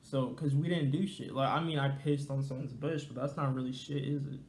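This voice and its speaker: A man's voice: medium pitch, steady tone, brisk, darkish tone, reverberant, a little hiss or hum. A young man telling a casual, slangy, rambling story to his viewers. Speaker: storyteller vlogger.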